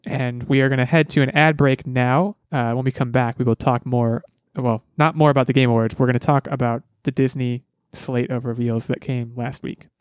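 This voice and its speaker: A man's voice: medium pitch, fairly even intonation, normal speed, clean tone, no echo. A man hosting a casual gaming podcast, talking in an upbeat, rambling way and often correcting himself mid-sentence. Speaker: podcast host.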